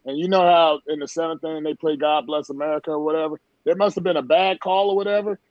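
A man's voice: fairly high pitch, fairly even intonation, fast, no room sound. A man who once played pro baseball, telling stories in a casual sports talk show. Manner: storytelling, emphatic. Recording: dull lo-fi dry sound.

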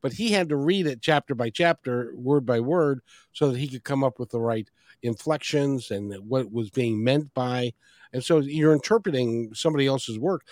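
A man's voice: medium pitch, normal speed, a little mellow, no room sound. Friendly podcast host man, dry sound. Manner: friendly, repeats plugs for the guest's book. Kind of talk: podcast interview.

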